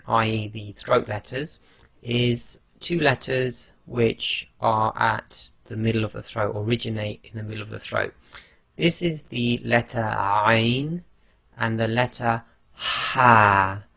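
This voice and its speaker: Man, teacher, slow deliberate pace, gravelly low rasp, dry close sound, patient demonstrations. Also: fairly bright tone, no room sound. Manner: patient, demonstrates each letter sound slowly. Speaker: Quran recitation teacher. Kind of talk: slow instructional explanation.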